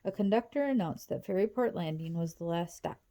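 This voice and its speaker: A woman reading a novel aloud in a steady, even storytelling manner. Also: on the low side, a little fast. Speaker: audiobook reader.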